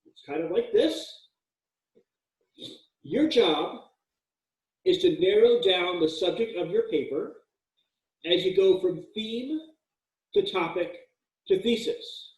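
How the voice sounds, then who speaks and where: Brief: a relaxed male writing instructor, slightly high voice, casual and jokey, heard at a distance. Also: slow pace, long pauses. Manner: casual, joking, with frequent fillers and restarts. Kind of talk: recorded lecture. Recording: echoey room, mic at a distance.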